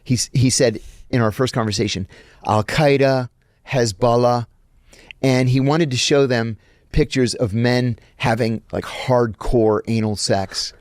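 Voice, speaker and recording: A middle-aged man, a former intelligence officer appearing as a guest, tells a long anecdote in an interview and animatedly acts out the lines he quotes. His mid-range voice moves at a measured pace, recorded dry with clean studio sound.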